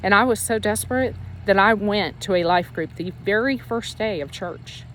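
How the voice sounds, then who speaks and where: Telling the story of her faith casually, this woman, a Christian ministry leader, comes across earnest and emotional, rambling and often beginning her sentences again. Her voice has an ordinary middle pitch and a fairly bright tone at a moderate pace, over a faint background hiss.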